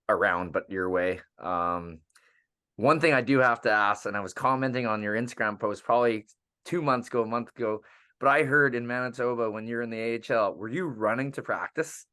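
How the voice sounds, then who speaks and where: A man's voice: lowish voice, a little fast. A man, a hockey coach co-hosting, reminiscing in rambling casual chat. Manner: rambling, warm recollection with fillers. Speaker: hockey skills coach and co-host.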